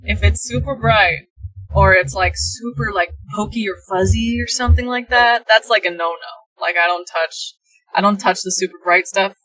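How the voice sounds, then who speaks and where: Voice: medium pitch, moderate pace, bright, forceful tone, low-quality recording. A podcast guest who explains nature facts in an enthusiastic, offhand, casual way. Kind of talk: casual chat.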